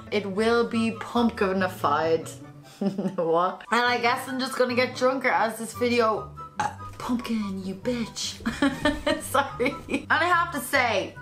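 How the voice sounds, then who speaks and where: An Irish woman chats away on her vlog in a high voice and an unhurried pace. She giggles often and keeps tripping over her words and correcting herself. Faint music plays underneath. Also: expressive, fairly bright tone. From Ireland. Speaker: YouTube vlogger. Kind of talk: casual chatty vlog.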